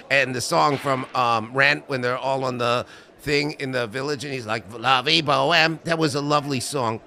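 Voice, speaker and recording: A man's voice: on the high side, sharp tone, a little hiss or hum. A man putting on a smarmy middle-aged tycoon who rambles through mock-earnest denials in a comic impression. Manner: rambling, mock-earnest denials with bursts of silly character voices.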